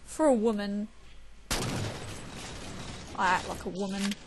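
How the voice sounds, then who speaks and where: A young woman from England chats casually while playing a shooter game, swearing and raging at it as she goes. Her voice is medium in pitch and she takes it slowly, with background noise behind her in this casual gameplay commentary.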